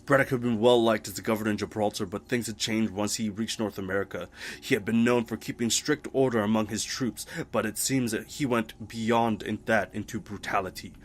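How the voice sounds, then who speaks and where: A man's voice: fairly low pitch, steady tone, fairly quick. A man reading history entries from a game aloud, with playful joking asides and frequent stumbles over words. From Britain. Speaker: gaming YouTuber.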